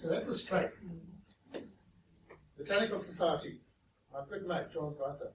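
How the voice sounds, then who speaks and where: A man giving a humorous storytelling talk as a guest speaker, animated and lively. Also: fairly high pitch, normal speed, long pauses. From South Africa. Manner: animated, acts out other people's voices in his anecdotes. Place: meeting venue with an audience. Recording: roomy echo, distant mic, noisy background.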